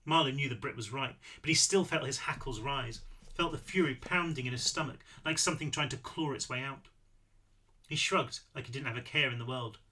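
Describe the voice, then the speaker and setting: Bright-voiced man reading his novel. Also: mid-range voice, brisk. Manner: expressive reading with small slips and self-corrections. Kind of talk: audiobook read-through.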